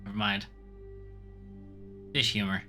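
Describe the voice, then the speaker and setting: A man's voice: on the low side, level tone, takes it slowly, pushed and bright, soft background music, pitched below the performer's own voice, heavily acted. A man voicing a wry, whimsical rock-statue selkie with a posh Edinburgh accent and a playful drawl. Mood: teasing. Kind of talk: reading game dialogue aloud.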